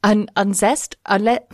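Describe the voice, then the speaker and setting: A young woman co-hosts a chatty podcast with a wry, self-mocking humor and frequent laughter. Her voice sits at an ordinary middle pitch. It is recorded close and dry, with no room echo. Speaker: podcast co-host. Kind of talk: casual chat.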